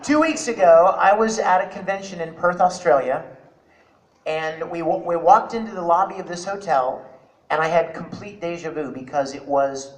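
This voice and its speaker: A man's voice: on the high side, normal speed, poor audio. A man who is a voice actor, answering an audience question on a convention panel in an earnest, grateful, rambling way.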